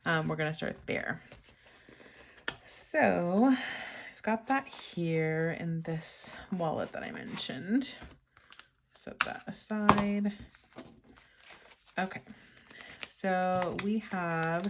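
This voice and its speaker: A young woman chatting casually to camera at her home desk, laughing often and filling pauses with ums. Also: lowish voice, noisy background. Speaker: budgeting vlogger. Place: home desk in craft room.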